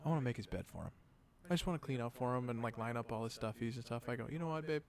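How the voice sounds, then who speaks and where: A man's voice: mid-range voice, rapid-fire. A man in his thirties, a podcast co-host, telling a rambling, profane family story with acted-out dialogue in casual chat. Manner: rambling anecdotes with acted-out dialogue, swears freely.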